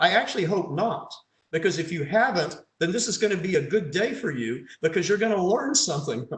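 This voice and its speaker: Roomy-sounding male pathologist quizzing his audience. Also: high-pitched. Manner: quizzes the audience, dry sarcastic asides. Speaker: pathologist leading a case conference. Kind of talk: online teaching lecture over slides. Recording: roomy echo.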